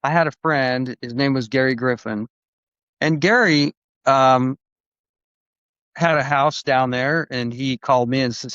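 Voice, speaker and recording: A man's voice: mid-range voice, a little slow, long pauses, a bit bright, clear, resonant tone, no room sound. A man, a guest on a podcast, telling a long story in a rambling, conversational way, with many restarts and acted-out quotes. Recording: dull lo-fi dry recording.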